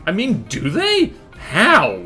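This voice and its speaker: A man's voice: high voice, wildly swooping pitch, slow, pushed and bright, soft background music. A man streaming a strategy game live, chatting with his viewers and reacting to the battles on screen as he rambles through his opinions.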